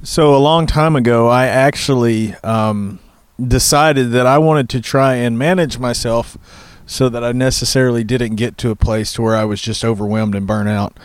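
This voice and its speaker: Measured man with a smooth voice. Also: mid-range voice, steady tone, dry recording. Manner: measured, with frequent ums. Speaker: pastor. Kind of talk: casual chat. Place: outdoors by a campfire in cold weather.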